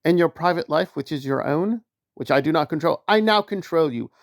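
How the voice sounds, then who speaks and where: A man's voice: a little high, lively intonation, fairly quick, no room sound, clean studio sound. A man mock-playing a pompous male authority figure in a stiff, commanding tone.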